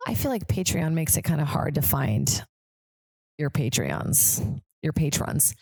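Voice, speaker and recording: A woman's voice: deep voice, expressive, measured pace, gravelly, darkish tone, breathy edge, no room sound. A woman in her thirties hosting a comedy podcast, rambling along casually and slipping into quoted voices. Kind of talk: casual chat.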